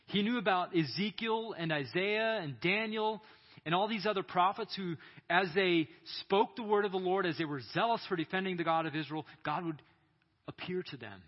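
A man preaching at a youth conference, retelling a story with dramatic pauses and acted-out voices. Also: on the high side, husky. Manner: dramatic storytelling, acting out quoted prayers and voices. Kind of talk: sermon. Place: large hall. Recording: echoey hall, dull sound.

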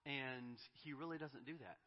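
A man's voice: mid-range voice, fairly even intonation, normal speed. Preaching man in a reverberant hall. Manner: emphatic, voices God's lines with rising force. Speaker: pastor. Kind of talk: sermon. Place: church sanctuary. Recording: dull, reverberant church hall recording.

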